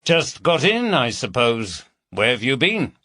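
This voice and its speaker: A man's voice: mid-range voice, sing-song, a little slow, pushed and bright, no echo, full character voice. A man voicing an easygoing, jokey detective of about thirty from London. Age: around 30.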